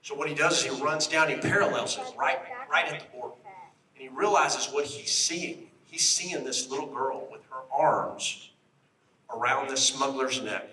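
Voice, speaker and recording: A man's voice: mid-range voice, normal speed, bright, forceful tone. A middle-aged man, a retired state police officer, tells a story in an emphatic rally speech and speaks straight to the crowd. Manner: emphatic, addresses the crowd directly. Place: outdoor rally. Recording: echoey, distant from the mic.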